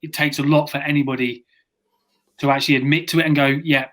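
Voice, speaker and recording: A man's voice: fairly high pitch, fairly even intonation, fast talker, a bit bright. Encouraging male podcast host. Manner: encouraging, conversational. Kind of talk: casual chat.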